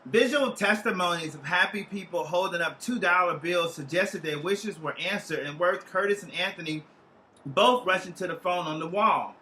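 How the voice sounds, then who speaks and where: A man giving a humorous literary reading of a story in a lively, playful way, with plenty of casual profanity. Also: sits high, moderate pace, background noise.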